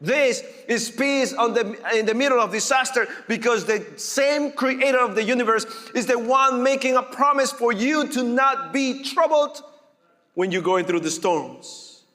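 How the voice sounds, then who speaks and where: A man preaching a sermon as pastor, emphatic and deliberate, repeating his key phrases. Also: very high-pitched, bright, forceful tone, big-room sound.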